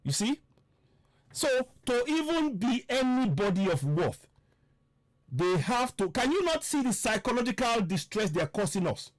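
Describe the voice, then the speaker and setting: A man's voice: very high-pitched, big pitch swings, normal speed, dry recording. A man giving an impassioned political monologue, fervent and preachy, repeating himself and firing rhetorical questions. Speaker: political commentator.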